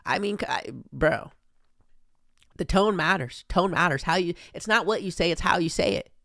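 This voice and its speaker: A man's voice: high-pitched, normal speed, sharp tone, no room sound, clean studio sound. Sarcastic rambling streamer guy. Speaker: streamer host. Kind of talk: casual reaction commentary.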